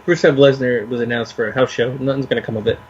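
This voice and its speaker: A man's voice: mid-range voice, steady tone, fast, a little mellow, dull audio, a little hiss or hum. A man co-hosting a casual wrestling podcast, making dry, sarcastic remarks. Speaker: podcast co-host.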